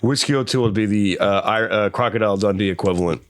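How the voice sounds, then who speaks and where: A man hosts a casual podcast chat, joking around in quick banter and often restarting his sentences. His voice sits fairly low. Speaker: podcast host.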